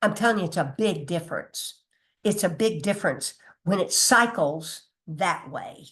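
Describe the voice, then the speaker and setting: A woman's voice: fairly low pitch, expressive, unhurried, fairly bright tone. A woman giving an informal spiritual teaching, chatty and emphatic, often laughing and mildly cursing, sometimes losing her place or reading from notes. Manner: loses her place and restarts, reads from notes.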